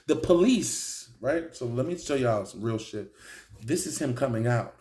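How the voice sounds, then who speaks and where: A young man telling a story in a casual, animated way, full of slang and profanity, often checking in with "right?". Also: medium pitch, unhurried. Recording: roomy echo.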